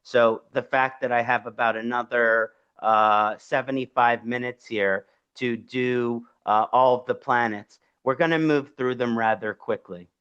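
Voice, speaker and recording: A man's voice: mid-range voice, fairly even intonation, a little slow, hardly any pauses, a bit bright, smooth, dull audio. A man from Philadelphia with a thick, nasal Philadelphia accent, giving an earnest lecture with rhetorical questions. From Philadelphia, Pennsylvania. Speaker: astrology lecturer.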